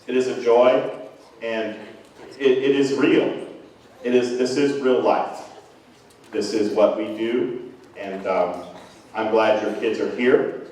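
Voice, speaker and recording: Earnest band director, echoey hall. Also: male voice, medium pitch, fairly even intonation, slow pace, pauses often, darkish tone, distant mic, a little hiss or hum. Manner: rambling, earnest, self-deprecating. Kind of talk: unscripted speech to parents.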